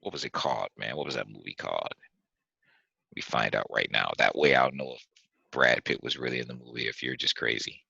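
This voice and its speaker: A man with an extremely deep voice chats casually as a podcast host, recounting stories with animation. His tone is bright and forceful. The sound is dry and close. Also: brisk, vocal fry, breathy edge, dry recording, muffled recording. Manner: animated storytelling, laughs often. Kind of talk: casual chat.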